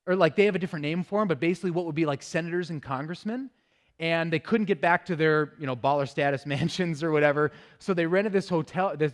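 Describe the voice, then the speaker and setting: Veteran guest speaker, male, fairly high voice, lively storyteller who laughs at himself. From Minnesota. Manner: animated, self-deprecating, laughs while telling. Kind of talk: humorous storytelling talk.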